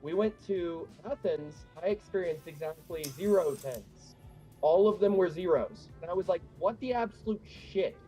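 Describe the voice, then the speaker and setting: A man's voice: high-pitched, normal speed, mellow, faint music behind. A young man chatting casually with friends during a game, wry and fond of telling stories. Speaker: gamer in voice chat. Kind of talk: casual chat.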